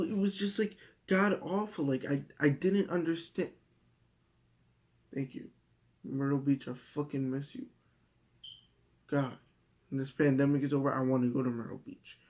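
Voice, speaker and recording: A young man vents in an exasperated, profane rant while reviewing a show. His voice sits a little high for a man. The recording is dull and lo-fi, like a cheap home mic. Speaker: host.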